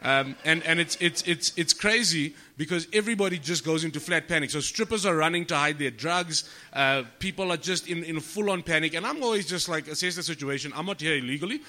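A man, a comedian guest, telling stories on a podcast in an animated way, swearing freely and acting out the people he quotes. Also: fairly high pitch, brisk, few pauses. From South Africa. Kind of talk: storytelling podcast chat.

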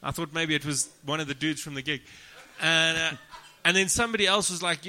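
A South African man, a comedian guest, telling stories in a deadpan, profane, self-mocking way in a casual podcast chat. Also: on the high side, normal speed, few pauses.

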